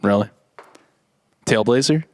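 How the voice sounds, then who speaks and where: A man co-hosting a comedy podcast, tossing in quick wisecracks. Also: on the low side, darkish tone. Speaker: podcast co-host. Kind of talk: casual comedic chat.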